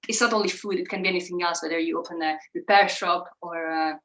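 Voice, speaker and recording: A woman's voice: on the low side, steady tone, fast, fairly bright tone, roomy sound, low-quality recording. A woman co-hosting a home cooking show, chatting in a reflective, casual way and laughing often. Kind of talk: casual chat.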